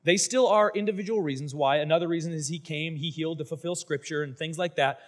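A man preaching a sermon, telling scripture stories in a casual, animated way with playful voiced asides. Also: on the high side, fast talker. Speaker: pastor.

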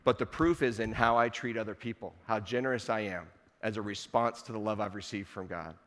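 A man preaching a sermon to his congregation in a relaxed, conversational way with playful asides. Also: fairly low pitch, fairly quick, in a large hall. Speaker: pastor. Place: church sanctuary.

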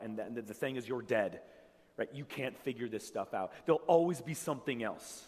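A man delivers a sermon in a conversational, animated way, slipping into acted-out quotes. His voice sits at an ordinary middle pitch. Long reverb from the church hall trails behind him. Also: brisk, slightly rough. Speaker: pastor.

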